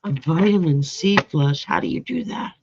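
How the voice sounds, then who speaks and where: Chatting with her viewers by name, this live-stream host reads oracle cards casually and laughs readily. Her fairly low, gravelly voice is animated and moves at a moderate pace. There's noise in the background, and the lo-fi stream audio comes across dull.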